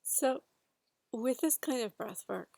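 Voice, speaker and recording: A woman guiding a breathwork class, talking gently and unhurriedly with a few fillers. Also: on the high side, lively intonation, takes it slowly, vocal fry, slightly rough, no room sound. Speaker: breathwork facilitator. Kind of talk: guided instruction to a class.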